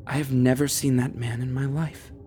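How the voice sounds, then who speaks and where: A man voicing a sleepy, frightened middle-aged mother, speaking softly and hesitantly in a raised voice. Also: little pitch movement, moderate pace, faint music behind, close to an everyday voice. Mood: shocked. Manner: soft, hesitant, higher-pitched delivery.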